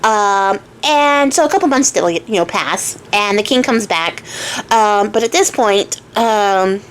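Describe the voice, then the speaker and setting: A woman's voice: medium pitch, a little slow, a little hiss or hum. A woman hosting a craft channel who retells a fairy tale in a chatty, wry, casual way and laughs often. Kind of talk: casual storytelling vlog.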